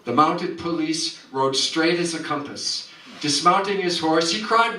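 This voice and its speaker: A man's voice: on the high side, expressive, unhurried, bright, forceful tone. A man at a community coffeehouse reciting a rhyming story poem with rhythmic, theatrical delivery. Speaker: performer. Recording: roomy hall, distant mic.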